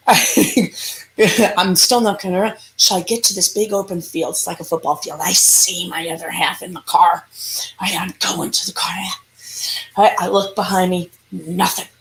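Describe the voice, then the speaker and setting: Female paranormal investigator, animated storyteller in an interview. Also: on the low side, unhurried, vocal fry. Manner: animated storyteller, acting out dialogue.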